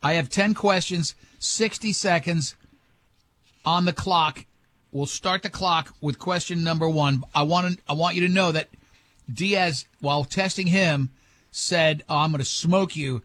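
A man hosting a radio show, telling a rambling, animated story in casual banter with his co-hosts. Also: fairly high pitch, measured pace, slight background noise. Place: radio studio.

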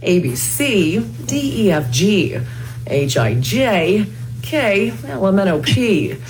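A woman's voice: mid-range voice, big pitch swings, slow pace, rough recording. A woman doing an exaggerated TV news anchor impression, reciting with a sing-song anchor cadence in a played clip. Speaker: internet video creator.

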